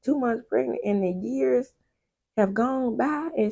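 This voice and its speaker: Slow, gravelly-voiced woman recapping a show. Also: on the high side, mellow, dry recording, studio quality. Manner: chatty, candid, laughing asides. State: sleepy. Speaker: TV recap vlogger. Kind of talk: casual episode recap.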